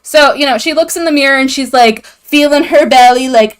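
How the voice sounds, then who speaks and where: A woman's voice: high voice, a little fast, hardly any pauses. A young woman hosting a video, giving an irreverent, profane comedic recap of a story and acting out the characters' lines. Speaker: video host.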